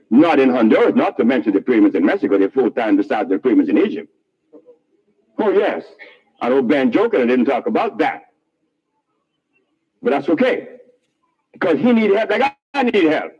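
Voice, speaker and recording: A man telling his life story in a rambling, animated way, often laughing at his own remarks. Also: mid-range voice, normal speed, pauses often, husky, lo-fi sound.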